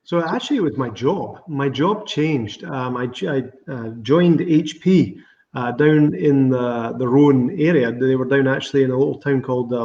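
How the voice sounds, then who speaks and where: Scottish man on a roomy video call. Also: mid-range voice. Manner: chatty, laughs often, animated storytelling. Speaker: winemaker guest. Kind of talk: virtual tasting interview. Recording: roomy, slightly dull video call audio.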